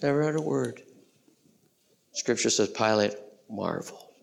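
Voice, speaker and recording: A man preaching a sermon as pastor, animated, swinging between loud exclamations and hushed asides. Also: mid-range voice, measured pace, gravelly.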